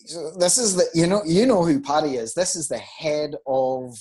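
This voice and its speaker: A man speaks over a video call, spinning anecdotes in a relaxed conversational way. He acts out quoted lines with lively shifts in his voice. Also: fairly high pitch, moderate pace, poor audio. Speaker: guest. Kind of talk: casual storytelling.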